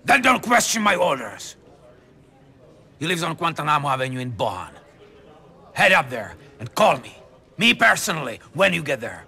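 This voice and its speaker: A gravelly, husky mob boss, swinging from boisterous to menacing. His voice is sharp and bright, and his pitch jumps around a lot. He is paranoid and erratic, and he barks orders in a game cutscene. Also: very animated, moderate pace, long pauses, exaggerated voice. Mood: furious. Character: volatile paranoid male crime boss, middle-aged.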